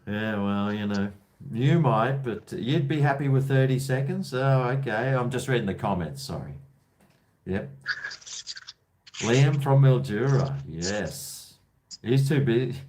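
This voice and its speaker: A man's voice: medium pitch, expressive, measured pace, darkish tone. An Australian man from Brisbane hosting a casual call-in show, with jokey, blokey banter. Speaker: host of a call-in livestream.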